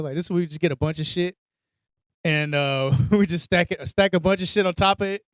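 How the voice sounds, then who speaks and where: High-voiced animated man telling stories. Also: brisk, smooth, no echo. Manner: animated storytelling, heavy cursing, acts out reactions. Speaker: podcast co-host. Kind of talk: casual chat.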